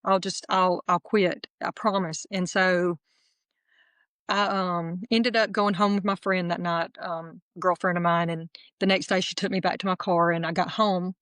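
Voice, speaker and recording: A woman's voice: lowish voice, no echo. Earnest woman telling her testimony. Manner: earnest storytelling, with frequent restarts and soft laughs. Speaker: interview guest sharing her testimony. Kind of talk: emotional personal testimony.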